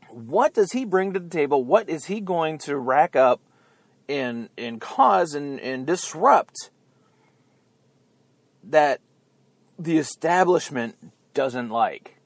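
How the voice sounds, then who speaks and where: A man's voice: a little high, no room sound. A man hosting his own podcast with a rambling political rant, chatty and sarcastic, often laughing at his own jokes. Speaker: podcast host. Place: outdoors near beeping buses.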